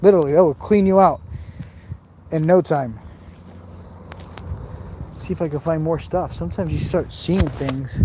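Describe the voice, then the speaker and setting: Slightly high and dark in tone, this man's voice moves a little slowly with frequent pauses, over faint background noise. He's a weary livestream host exploring rough open ground outdoors, phone camera in hand as he walks, rambling, joking, and reading comments from viewers.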